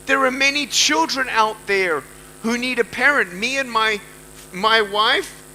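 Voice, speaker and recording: A man's voice: very high voice, unhurried, bright, forceful tone, slight background noise, rough recording. A man with an Australian accent giving an emphatic motivational speech to a live audience, repeating lines for effect. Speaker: motivational speaker.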